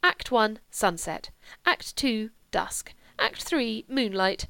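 Woman reading a dry ironic young guy in a story, smooth clear voice, close and dry. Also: on the high side, lively intonation, slow, pushed and bright, no room sound, heavily acted. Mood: wry.

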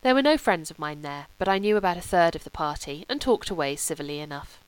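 A woman reading a novel aloud as a measured, literary audiobook narration. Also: on the low side, animated, clean tone, no echo. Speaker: audiobook reader. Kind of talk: scripted narration.

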